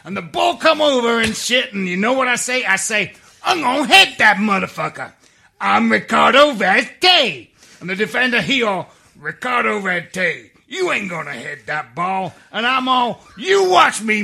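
A man doing a loud impression of a brash, swaggering young male footballer who boasts in slang. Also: very high voice, very animated, a little slow, voice pushed up, exaggerated voice. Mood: swaggering shout.

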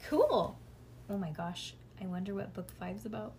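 A woman's voice: mid-range voice, animated, moderate pace, a little mellow, a little hiss or hum. A woman reading a children's book aloud and chatting with a child afterward. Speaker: reader to a child.

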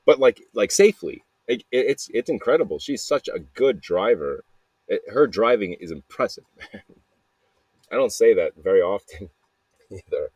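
A man's voice: lowish voice, expressive, normal speed, a little mellow, breathy edge, no echo. A man talking in a casual, rambling confessional monologue, repeating himself and tossing in "man" and "dude" with plenty of swearing. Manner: rambling and repetitive, peppered with "man" and "dude", profane. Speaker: podcaster sending a voice message.

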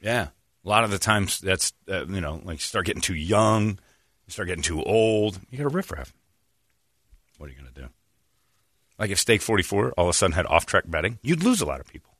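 A man's voice: sits low, very animated, a little fast, a bit bright, no echo, studio quality. A middle-aged man hosting a casual talk show, telling stories and acting out the voices of the people in them. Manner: storytelling, acts out voices in anecdotes. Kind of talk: casual chat.

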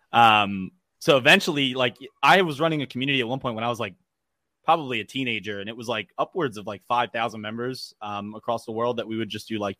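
A young adult man talking casually as a podcast guest, telling stories with lots of fillers and quick laughs. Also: mid-range voice, no room sound, studio quality. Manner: animated storyteller, quick laughs, many fillers. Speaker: guest, developer experience engineer.

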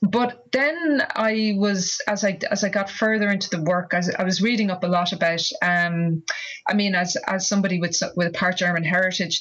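A woman's voice: lowish voice, fairly bright tone. An Irish woman in her fifties, an author being interviewed, talking thoughtfully and rambling with many restarts. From Ireland. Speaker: author guest. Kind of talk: casual interview conversation. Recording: dull lo-fi audio.

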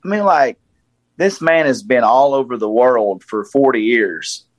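Southern man in his forties, casual storyteller, dry close recording, mid-pitched voice. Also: a little slow, dry recording, low-quality recording. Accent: Southern American. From Tennessee, USA. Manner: animated storyteller, acts out quoted voices.

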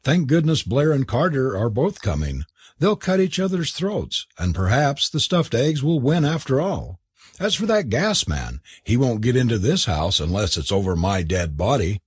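A man's voice: mid-range voice, big pitch swings, normal speed, breathy edge, dry recording, clean studio sound. A man voicing a flustered, anxious cook who is a man disguised as a woman, pleading and servile in manner. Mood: fretful.

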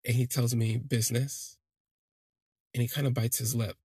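A man's voice: medium pitch, level tone, quick pace, a little mellow, breathy edge, dry recording. A man telling a first-person story on a podcast in a reflective, hesitant way, often restarting his sentences.

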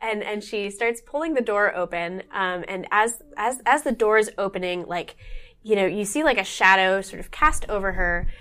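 A woman's voice: medium pitch, moderate pace, fairly bright tone. A woman narrating a tabletop horror game as game master, meandering with many fillers. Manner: meandering, lots of fillers and restarts.

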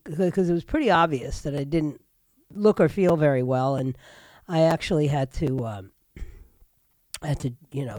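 A woman's voice: deep voice, mellow, no room sound. An older woman hosting a talk radio show, sick with a stuffy nose and a nasal voice, rambling in a chatty monologue full of fillers.

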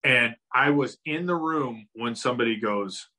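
A man guesting on a podcast, telling a story in a loose, animated way, swearing casually and laughing often. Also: mid-range voice, normal speed, rough recording.

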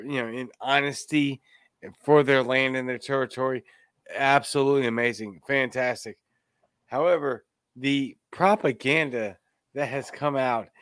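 A man's voice: medium pitch, dry recording. Dry-sounding, emphatic male podcast host. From Louisiana. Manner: emphatic, exasperated. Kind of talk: casual political talk.

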